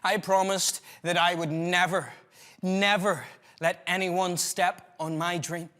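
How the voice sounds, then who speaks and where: A man's voice: high-pitched, flat delivery, slow pace, pushed and bright. A man performing a comic solo theatre monologue, telling a wry story with punchlines.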